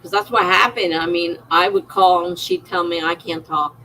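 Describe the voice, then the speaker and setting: A woman's voice: on the low side, steady tone, moderate pace, fairly bright tone, a little hiss or hum, rough recording. A middle-aged woman streaming a personal, emotional monologue, confiding and circling back on herself as she talks. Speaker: live streamer.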